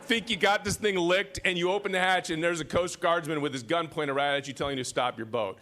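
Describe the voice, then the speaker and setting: A man's voice: fairly high pitch, a little fast, sharp tone. A middle-aged man speaking as emcee at an award ceremony, joking and teasing the audience from a podium microphone. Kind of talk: ceremony emcee speech with jokes. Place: large hall at an award ceremony.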